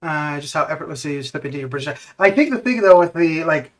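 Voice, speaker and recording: Speaking fast and animated in a voice on the high side, this Canadian streamer talks casually over Discord while he plays. He rambles, laughs a lot, and keeps starting over.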